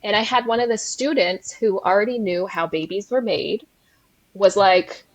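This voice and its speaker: A woman telling a lively anecdote in a casual panel chat, full of fillers. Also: mid-range voice, normal speed, no room sound, low-quality recording. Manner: chatty, animated anecdote-teller with many fillers. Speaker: experienced surrogate on a panel.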